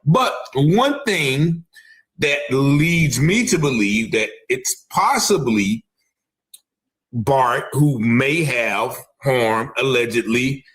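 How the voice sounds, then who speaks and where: A man's voice: medium pitch, expressive, extremely slow, fairly bright tone. A man hosting a true-crime commentary show, talking emphatically and hedging his claims with "allegedly". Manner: emphatic, repeats "allegedly", stops to replay clips. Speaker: commentary channel host.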